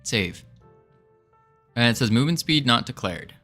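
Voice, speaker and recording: A man's voice: mid-range voice, expressive, moderate pace, pushed and bright, soft background music. A man streaming his game development work, chatting casually and thinking aloud while he codes, joking and rambling as he goes. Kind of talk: casual live-stream chat while coding.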